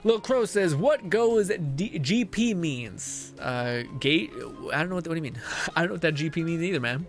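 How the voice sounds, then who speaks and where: A man's voice: on the high side, animated, normal speed, over music. A male streamer chatting casually and reading viewer messages aloud, tired and mentally drained, laughing often and swearing.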